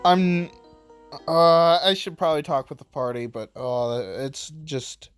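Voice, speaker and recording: A man's voice: a little high, measured pace, clear, resonant tone, faint music behind. Rambling man narrating a video game. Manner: rambling, thinking aloud. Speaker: let's play host. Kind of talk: casual gameplay commentary.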